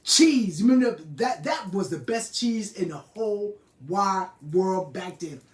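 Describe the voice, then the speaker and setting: A woman's voice: medium pitch, expressive, measured pace. An older woman hosting a live stream, chatting casually and fondly reminiscing, greeting viewers as she goes. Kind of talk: casual chat. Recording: roomy and distant from the mic.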